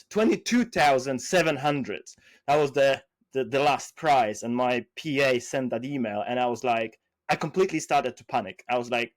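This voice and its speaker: A man telling business stories as a podcast guest, acting out dialogue with lively jumps and frequent restarts. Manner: animated, acts out quoted dialogue with big pitch jumps; many restarts and fillers, non-native phrasing. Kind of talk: casual interview storytelling.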